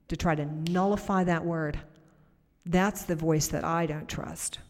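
Low-voiced woman preaching, reverberant. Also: steady tone, normal speed, a little mellow. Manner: conversational, reads comments aloud, prays over viewers. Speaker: prayer minister on a livestream. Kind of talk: livestream preaching and prayer.

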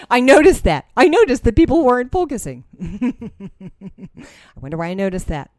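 A middle-aged woman teaching a faith-based group, animated and repeating herself as she acts out inner voices. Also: on the high side, a little slow, no room sound, studio quality. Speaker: Christian life coach. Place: room with a live audience.

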